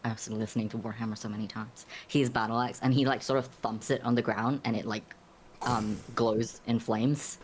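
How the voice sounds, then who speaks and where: A man's voice: mid-range voice, fairly even intonation, moderate pace, a little hiss or hum. A man playing a tabletop game, describing his actions in a rambling, giggly way with self-corrections. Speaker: player.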